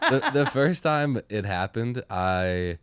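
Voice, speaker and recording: A man's voice: on the low side, animated, slow, fairly bright tone, a little hiss or hum. A man from Boston co-hosting a podcast, laid-back and swearing, telling stories full of quoted dialogue. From Boston, USA. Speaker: podcast co-host. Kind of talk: casual chat.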